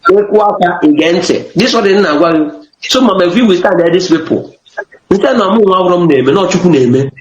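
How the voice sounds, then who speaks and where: A man's voice: sits high, lively intonation, fairly quick. A man with a Nigerian accent giving a rambling testimony, switching between languages mid-sentence. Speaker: interviewee in a news clip. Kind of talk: emotional testimony in Nigerian Pidgin and Igbo. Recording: echoey, dull lo-fi clip.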